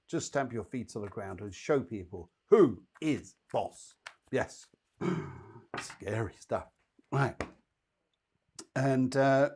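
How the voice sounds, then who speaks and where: Speaking at a medium pitch with a darkish tone, a man runs a live psychic broadcast and offers viewers quick mini readings. His manner is friendly and comforting as he speaks directly to those he reads.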